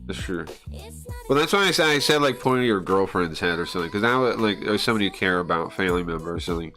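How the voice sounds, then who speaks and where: A man's voice: low-pitched, expressive, very fast, sharp tone, soft background music. A man livestreaming, talking in a casual, rambling way, arguing his opinions and often repeating and restarting phrases. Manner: argumentative, lecturing tone.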